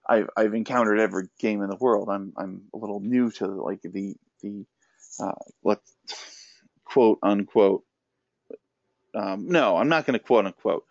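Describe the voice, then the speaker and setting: Male podcast host: slow, gravelly, halting restarts, dull dry recording. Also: fairly low pitch, no room sound. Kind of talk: casual podcast chat.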